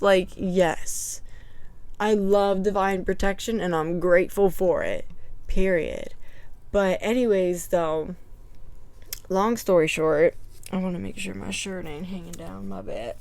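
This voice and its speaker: A woman vlogger tells a story on a casual house tour, chatty and emphatic, breaking into nervous laughs. Her voice is clear and smooth, and her pace is unhurried. The clip-on mic sounds close and dry, with little room sound. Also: fairly low pitch, a little mellow, no echo. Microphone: clip-on microphone.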